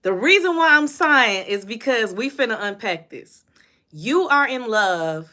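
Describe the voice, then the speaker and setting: A young woman talks casually into her phone, greeting viewers by name and answering their comments. Her voice is bright and sits a little high, and she laughs easily between remarks. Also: expressive, a little slow. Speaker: host. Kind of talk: casual livestream chat.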